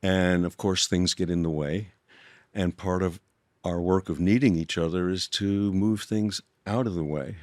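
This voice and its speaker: Deep, thoughtful older man telling stories. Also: steady tone, no echo, clean studio sound. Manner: gentle, thoughtful, halting with restarts. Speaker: guest author. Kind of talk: reflective storytelling conversation.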